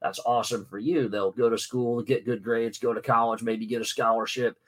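A father vlogs to camera in a loose, rambling way, full of "you know" and "um" and restarted sentences. His voice sits at an ordinary middle pitch for a man. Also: little pitch movement, normal speed. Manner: rambling, many fillers and restarts. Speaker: father and vlogger. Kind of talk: casual talking-head vlog.

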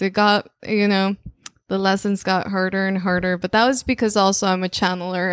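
Woman, Mexican Spanish accent, native Spanish, spiritual channeler; reflective storytelling with restarts, mid pitch, dry room. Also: clear, resonant tone, no echo. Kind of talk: monthly spiritual guidance talk.

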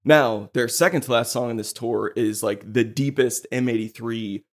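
A man hosting a podcast, excitedly telling a story in casual chat and swearing freely. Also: mid-range voice, normal speed. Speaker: podcast host.

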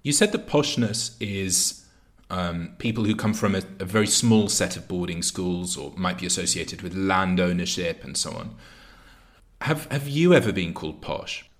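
A man asking an interview question in a slow, hesitant way. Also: low-pitched, expressive. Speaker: podcast interviewer.

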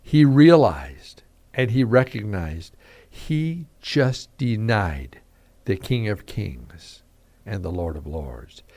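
A man preaching a radio devotional, reading scripture aloud and acting out the quotes with animated emphasis. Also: lowish voice. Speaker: radio pastor.

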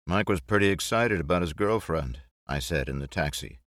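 A male audiobook narrator reads in a low voice with a lively, rising and falling line. His telling is measured and expressive, and the sound is close and dry. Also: no room sound.

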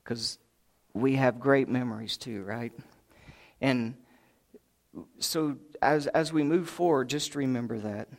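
A man's voice: medium pitch, slow pace, vocal fry, pauses often. A man preaching a sermon, a folksy storyteller who acts out voices and chuckles. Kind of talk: sermon with humorous stories. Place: church sanctuary.

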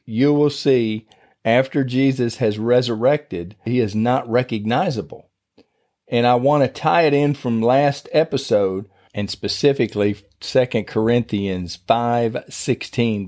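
A man's voice: mid-range voice, unhurried, mellow. A middle-aged man giving a casual, folksy sermon on his podcast, in a conversational way with loose everyday grammar. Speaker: podcast preacher. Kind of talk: informal sermon.

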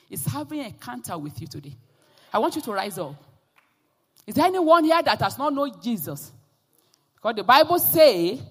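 A woman preaching a sermon and telling her own testimony, swinging from quiet storytelling to loud, impassioned exhortations. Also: fairly high pitch, breathy edge. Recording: long hall reverb.

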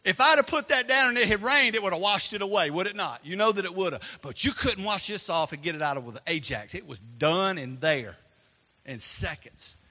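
A man preaching a sermon as pastor, animated and storytelling, dropping to a hush and then rising loud. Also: high-pitched, a little fast, long reverb tail.

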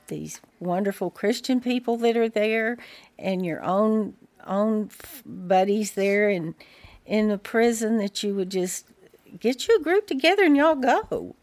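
Lady volunteer, slow and gentle, kinda hesitant, dry close sound. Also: medium pitch, no echo. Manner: gentle, hesitant, repeats words. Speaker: prison ministry volunteer. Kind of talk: encouraging message.

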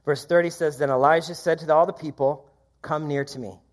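A man preaching a sermon, reading scripture aloud and commenting in a conversational, lively way. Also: brisk. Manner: lively, rises in pitch when quoting. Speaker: pastor.

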